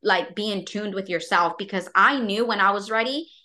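A woman talking candidly as a podcast guest, expressive and loose, full of filler words and acted-out quotes. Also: medium pitch, normal speed. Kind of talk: candid casual conversation.

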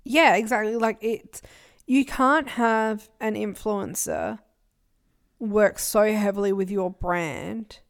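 A young woman talking in a casual, animated podcast chat. Her voice sits at an ordinary middle pitch. She tells stories with lively energy. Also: slow. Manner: animated, quotes people in put-on voices. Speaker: podcast co-host.

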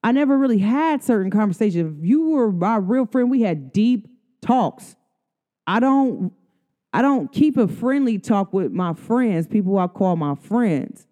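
A woman's voice: mid-range voice, expressive, unhurried, mellow. A woman hosting a podcast, speaking in casual, earnest slang about love and friendship, with many fillers. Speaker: podcast host. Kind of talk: casual spiritual talk.

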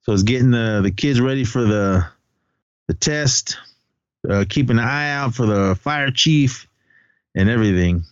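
A man's voice: mid-range voice, unhurried, clear, resonant tone, no room sound, muffled recording. A man co-hosting a podcast, recapping a film in casual chat, acting out lines loosely and laughing often. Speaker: podcast co-host.

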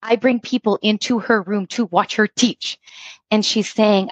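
A woman instructional coach telling stories in an earnest, animated way as a podcast guest. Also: mid-range voice, unhurried, dry recording, lo-fi sound. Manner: earnest, animated storytelling with acted quotes. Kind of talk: podcast interview storytelling.

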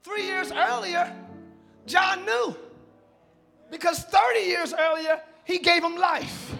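A man pastor preaching a lively storytelling sermon in church, moving between hushed talk and shouts. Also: extremely high pitch, takes it slowly, creaky, long pauses. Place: church sanctuary, live service. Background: soft band music.

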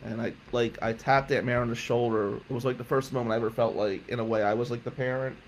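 A man telling a personal story in an emphatic, profane way, loudly acting out the people he quotes. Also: medium pitch, steady tone, quick pace, a little hiss or hum, poor audio.

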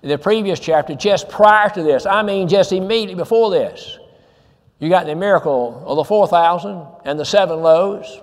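A man preaching, his voice sitting a little high for a man. He talks earnestly and presses his listeners with rhetorical questions between lines of scripture. The sound rings with the long reverb of a church hall. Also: normal speed. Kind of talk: sermon.

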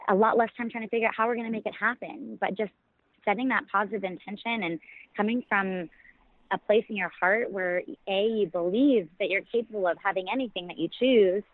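A woman's voice: medium pitch, no room sound. A middle-aged woman, a podcast guest, talking enthusiastically and telling stories with laughs. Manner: enthusiastic, storytelling, warm laughter. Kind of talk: conversational interview. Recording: tinny phone-like line.

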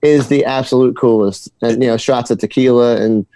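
In a relaxed interview, a guitar teacher and musician swaps stories like a regular guy, stumbling over words, repeating himself, restarting sentences, and laughing along the way. His ordinary-pitched voice sounds dry and close, with no room sound.

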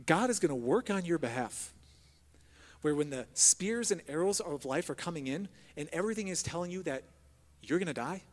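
Male pastor, high-pitched, delivers a sermon that swings from hushed prayer to loud emphasis, long hall reverb.

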